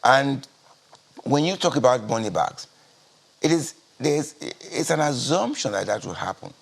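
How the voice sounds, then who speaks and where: A Nigerian man speaking as a party spokesman in a news interview, measured and deliberate, often repeating his key phrases. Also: mid-range voice, sing-song. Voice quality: gravelly, husky. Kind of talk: guarded TV news interview answers.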